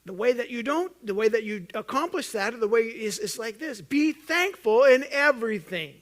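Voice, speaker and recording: Man, pastor, sermon, high voice, earnest, loud then hushed. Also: lively intonation, brisk. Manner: earnest, swings from loud emphatic urging to soft low intensity; jokes with the congregation.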